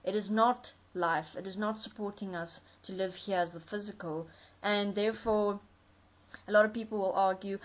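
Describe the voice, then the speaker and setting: A woman speaks in an earnest, explanatory tone, stacking her points into rhythmic lists. Her voice sits at a middle pitch for a woman. The recording sounds dull and lo-fi. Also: steady tone, moderate pace. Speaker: commentator. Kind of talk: spoken commentary.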